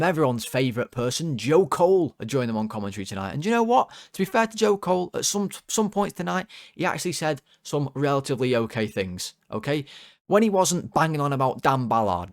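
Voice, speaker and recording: A man's voice: mid-range voice, no room sound, studio quality. Sarcastic young man ranting about football. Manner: exasperated, sarcastic, rambling with restarts. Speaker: football fan channel host. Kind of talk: ranting football video commentary.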